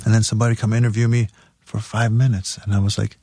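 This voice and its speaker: A man's voice: on the low side, flat delivery, fast, warm tone, dry recording. Profane, laughing male storyteller. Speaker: guest musician. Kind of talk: casual storytelling interview.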